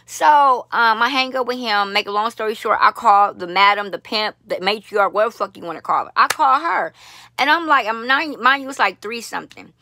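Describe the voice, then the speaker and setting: A woman vlogger telling a long personal story to her viewers, blunt, profane and animated, with many asides to the audience. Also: a little high, fairly quick. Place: lives in Las Vegas.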